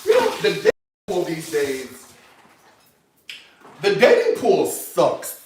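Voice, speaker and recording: A man's voice: high voice, wildly swooping pitch, takes it slowly, roomy sound, a little hiss or hum. A man hosting a home cooking demo, chatty and playful, with teasing jokes between steps. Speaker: cooking show host. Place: home kitchen.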